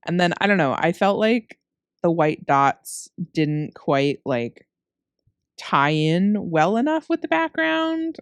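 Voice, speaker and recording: A woman's voice: on the low side, animated, slow, clear, resonant tone, dry recording. A woman narrating her cookie decorating tutorial as a casual, rambling voice-over, tired from recording late at night and laughing at her own slips. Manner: chatty, rambling, self-correcting, laughs at herself. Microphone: close microphone.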